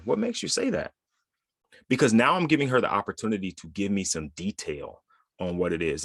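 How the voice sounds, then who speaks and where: A man's voice: on the low side, a bit bright, dry recording, clean studio sound. A man hosting a podcast, talking casually and often checking in with the listener with "right?". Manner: conversational, lots of "right?" tag questions. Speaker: podcast host.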